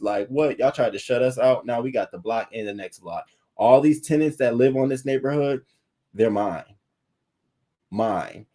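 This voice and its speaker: A man hosting a gossip and news show, reading headlines and reacting with sassy, profane commentary. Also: medium pitch. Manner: sassy, profane, animated asides; reads quotes aloud, then reacts. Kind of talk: casual commentary.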